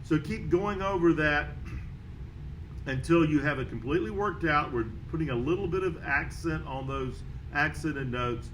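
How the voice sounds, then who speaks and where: On a low-quality recording with slight background noise, a man whose voice is on the high side and a bit bright leads a beginner trumpet lesson at a moderate pace. This band teacher steadily counts in and calls out the note names as he walks through it.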